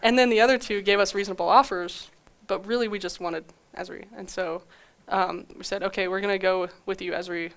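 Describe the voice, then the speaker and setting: She's a young adult conference speaker with a medium-pitched voice, talking briskly with few pauses. Animated throughout, she acts out quoted dialogue in her story and laughs often.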